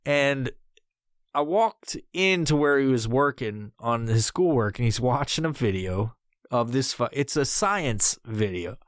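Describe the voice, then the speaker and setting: A man's voice: mid-range voice, expressive, measured pace, no room sound, clean studio sound. A man in his thirties hosting a podcast, telling a comedic story in a rambling, heavily profane way. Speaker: podcast host.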